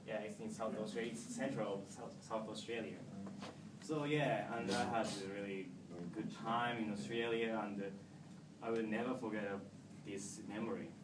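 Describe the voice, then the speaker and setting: A man's voice: on the low side, steady tone, normal speed. A young man from Japan, speaking English with a Japanese accent, gives a casual, hesitant talk to an audience with many fillers and restarts. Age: young adult. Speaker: returning exchange student. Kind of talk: informal presentation to an audience. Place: meeting hall. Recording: echoey room, recorded from a distance, noisy.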